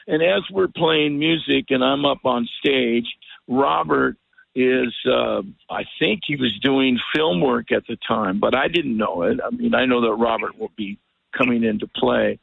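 An older man with a deeply gravelly, husky voice tells a winding story as a radio guest. He keeps slipping into the voices of the people in it. The sound is dry and thin, coming down a phone line. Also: a little slow, dry recording. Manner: rambling, animated storyteller who acts out quotes. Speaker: guest musician. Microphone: telephone.

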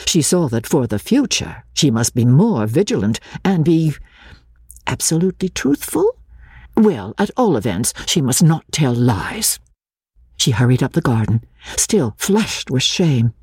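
Husky low-voiced woman narrating a classic. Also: unhurried, no room sound, clean studio sound. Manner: lively expressive reading. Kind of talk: audiobook narration of a classic novel.

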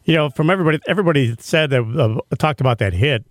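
A man's voice: on the high side, expressive, very fast, no echo, clean studio sound. A man co-hosting a radio show, chatting casually about sports. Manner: easygoing, talks sports. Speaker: radio co-host.

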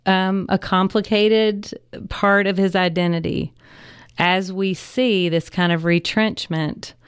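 A woman pastor, speaking thoughtfully as a radio interview guest, pausing with ums and laughing easily. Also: fairly low pitch, smooth, no echo, clean studio sound. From American South. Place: radio studio.

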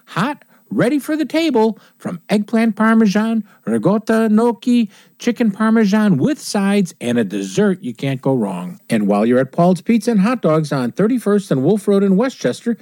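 A man's voice: sits high, dark tone, no echo. A man hosting an outdoors radio show, reading ads and chatting in a folksy, jokey way, with a slight cold. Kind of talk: radio talk and live ad reads. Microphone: radio studio mic.

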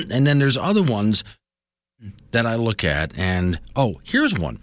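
A man's voice: mid-range voice, wildly swooping pitch, unhurried, dry recording, clean studio sound. A middle-aged man hosting a morning radio show, rambling and self-amused. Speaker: radio host.

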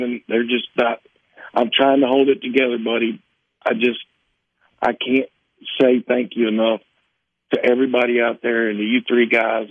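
A man's voice: mid-range voice, dry recording. A man from Mississippi on a radio call-in, talking emotionally and with rambling restarts. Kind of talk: casual radio chat. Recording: phone-line call, dry.

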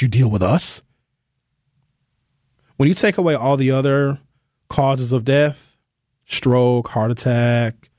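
A man hosting a talk show, talking in an animated, joking, conversational way. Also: medium pitch, no room sound, clean studio sound. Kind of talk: comedic talk monologue.

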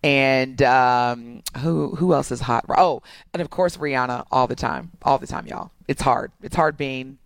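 A woman's voice: rumbling low, unhurried, no room sound. A woman co-hosting a radio talk show in a studio, bantering playfully and teasing her co-host.

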